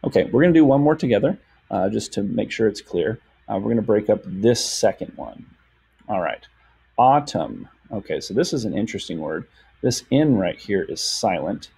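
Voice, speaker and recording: A young man teaching a lesson over a shared screen, patient and full of fillers, slowing down to sound out words. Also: fairly low pitch, expressive, gravelly, dark tone, slightly rough.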